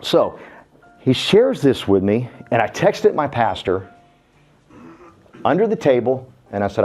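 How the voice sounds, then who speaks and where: A man's voice: mid-range voice, very animated, normal speed, pauses often, darkish tone, soft background music. A man giving a casual, folksy, self-deprecating business talk, telling jokey stories about himself. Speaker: real estate business speaker. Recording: dull lo-fi sound.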